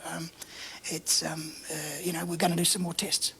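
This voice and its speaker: An Australian man telling a story in a casual interview, acting out the dialogue in an animated way, his voice often breathy and half-whispered. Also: a little high, normal speed, few pauses. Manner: animated anecdotal, acts out dialogue. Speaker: interview guest.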